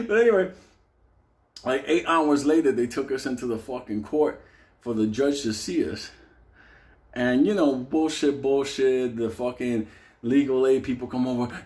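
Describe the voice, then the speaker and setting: A man's voice: medium pitch, moderate pace, darkish tone. A man telling a comic, profane story, laughing often and acting out the voices. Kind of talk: casual comedic storytelling.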